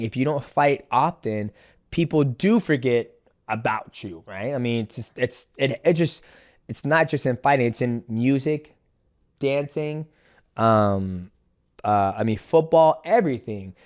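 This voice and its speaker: A former fighter hosting a podcast, talking loosely and at middle pitch. His speech rambles and restarts often, full of fillers as he chats casually with his guest. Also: a little slow. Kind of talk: casual interview chat.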